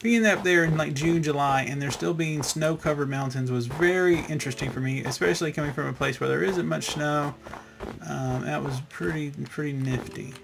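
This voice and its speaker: A man's voice: a little high, normal speed, gravelly, noisy background. A man hosting a let's-play, talking through his game in a rambling, chatty way with fillers and little sound effects. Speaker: gaming channel host. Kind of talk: casual let's-play commentary.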